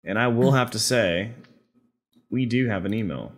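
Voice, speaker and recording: Low-voiced male podcast host, rambling. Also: moderate pace. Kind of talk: casual chat.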